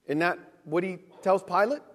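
A man in his thirties preaching a sermon in an animated way, acting out quick voices for God and people. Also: high-pitched. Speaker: pastor. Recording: long reverb of a hall.

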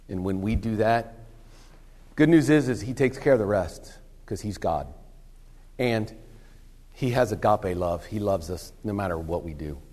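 A man preaching a sermon in a conversational way, acting out short exchanges and dropping to hushed lines. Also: lowish voice. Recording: long hall reverb.

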